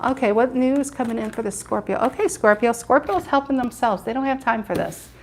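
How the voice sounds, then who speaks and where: A woman's voice: on the high side, fairly quick, a little hiss or hum. A woman doing a live tarot reading, chatting with viewers and repeating her questions as she turns the cards. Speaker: tarot reader.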